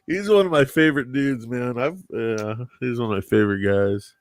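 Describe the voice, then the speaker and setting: A man chatting on a live stream, trading relaxed stories and laughing along the way. His pitch sits in a middle range and the sound is close and dry. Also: slow pace, long pauses, no echo. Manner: laid-back, laughs often, says bro and dude. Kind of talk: casual storytelling chat.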